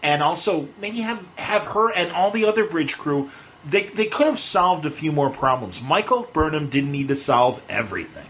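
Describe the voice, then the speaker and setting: A man's voice: fairly high pitch, lively intonation, normal speed, fairly bright tone. A man hosting a casual chat, talkative and opinionated, often trailing off mid-sentence. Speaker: host.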